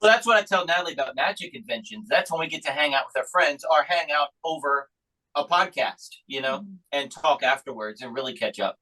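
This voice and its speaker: A man's voice: on the high side, lively intonation, brisk, pushed and bright, low-quality recording. A male podcast host asking rambling questions in casual chat. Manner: rambling, restarts his questions.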